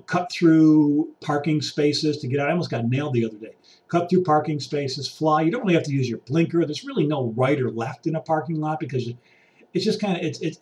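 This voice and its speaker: Man with a fairly high voice, casual sarcastic vlog rant, recorded outdoors a bit far from the mic. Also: darkish tone. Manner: ranting, sarcastic, acts out impatient people. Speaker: vlogger. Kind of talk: casual rambling monologue. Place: outdoors by water.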